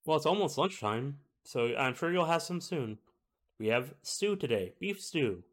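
A man's voice: sing-song, a little slow. A man voicing a friendly, flustered middle-aged female cook in a tabletop game, in a raised, stammering voice. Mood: cheerful. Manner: high fluttery stammering voice.

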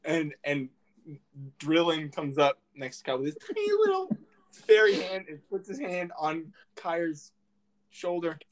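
A young man tells a goofy improvised tale with a playful, teasing edge. His pitch jumps all over the place, swinging from low to high as he narrates. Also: very animated, measured pace. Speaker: storyteller. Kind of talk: casual chat, telling a silly made-up story.

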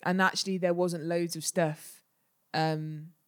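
A woman's voice: fairly low pitch, level tone, measured pace. A woman in her forties co-hosting a podcast, talking earnestly in casual chat. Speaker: podcast co-host.

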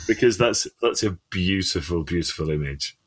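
A man with a low, husky voice who co-hosts a casual gaming chat. He mocks his friend with cheerful insults and laughs often. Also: animated. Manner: mocking banter, quick to laugh. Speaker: co-host.

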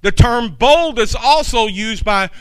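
A man's voice: very high voice, animated, a little slow, fairly bright tone, smooth, no echo. A man preaching a sermon in a folksy, chatty way, with asides to his congregation.

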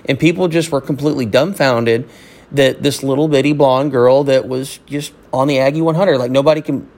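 Animated Texan-raised man telling a story. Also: mid-range voice, normal speed. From Texas. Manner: animated, acts out quoted voices. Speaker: guest, business owner. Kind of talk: casual storytelling.

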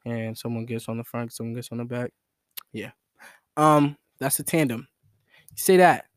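A man's voice: medium pitch, normal speed, clear, resonant tone, no room sound, studio quality. A young man hosting a solo podcast in a rambling, slangy, self-mocking, joking way. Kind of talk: casual joking monologue.

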